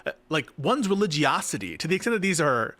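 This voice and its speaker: A man's voice: on the high side, sing-song, fast talker, a bit bright, no echo. A man in an online debate, pressing questions and cutting in.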